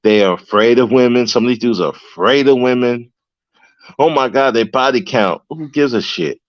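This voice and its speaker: Speaking at a moderate pace in a medium-pitched voice, this podcast host tells casual, profane stories from his correctional officer job, slangy and ranting with frequent fillers and false starts. The audio is dry, dull, and lo-fi.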